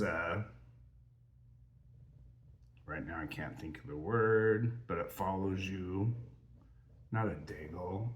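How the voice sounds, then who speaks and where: A man hosting a casual crafting tutorial vlog from his craft table, rambling and chatty with lots of fillers. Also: lowish voice. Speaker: crafting channel host.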